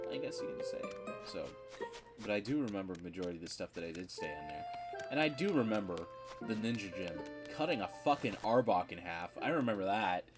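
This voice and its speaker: A man with a fairly low voice rambles through casual chat while he plays a game on stream. He talks frankly and drops swears without a second thought, and game music plays clearly behind him.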